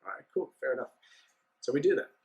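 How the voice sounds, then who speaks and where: A man, a guest on a business podcast, telling his story in a relaxed, chatty way and acting out the dialogue. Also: mid-range voice, quick pace, dull audio. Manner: animated anecdote-telling with acted-out dialogue. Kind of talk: casual storytelling interview.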